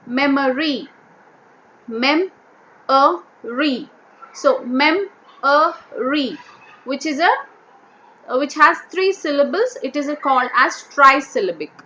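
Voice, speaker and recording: High, bright-voiced woman teaching English. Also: expressive, a little hiss or hum. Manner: repeats each word, sounds out syllables slowly. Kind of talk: explaining a vocabulary worksheet.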